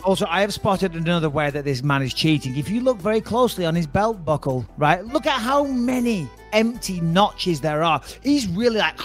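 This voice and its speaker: High-voiced joking male podcast host. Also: expressive, moderate pace, few pauses, fairly bright tone, faint music behind. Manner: joking, teasing, rambling asides. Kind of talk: casual comedic banter.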